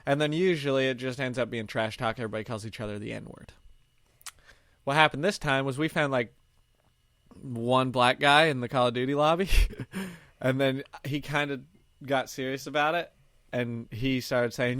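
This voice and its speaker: Young male podcast host, bright dry voice, loose rambling chat with frequent laughs. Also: medium pitch, normal speed, no room sound. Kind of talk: casual chat.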